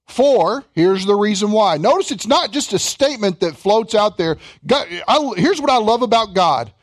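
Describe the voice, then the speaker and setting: Male pastor with a Kentucky accent, very high and lively voice, reads scripture slowly and then jokes with the congregation. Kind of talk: sermon.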